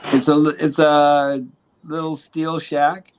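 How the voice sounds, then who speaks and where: A man's voice: fairly high pitch, little pitch movement, slow pace, a little hiss or hum. A man chatting casually as a guest, dropping dry jokes. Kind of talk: casual chat.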